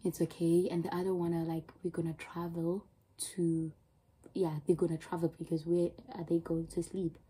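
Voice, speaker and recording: Young South African woman, YouTuber telling a story; husky, warm-dark tone, rambling delivery. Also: on the low side, level tone, moderate pace, rough recording. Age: young adult. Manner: emotional, rambling retelling with many restarts. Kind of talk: storytime vlog.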